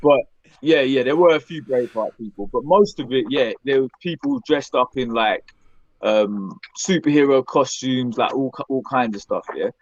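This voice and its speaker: A man telling animated stories as a podcast co-host, often tagging his lines with questions. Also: mid-range voice, normal speed, no echo, lo-fi sound. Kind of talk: casual chat, storytelling.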